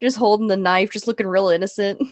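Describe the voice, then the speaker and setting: Woman co-host, animated and giggly, close dry mic. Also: medium pitch, fast talker, dry recording. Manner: animated, laughs often, acts out lines. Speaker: podcast co-host. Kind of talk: casual movie recap chat.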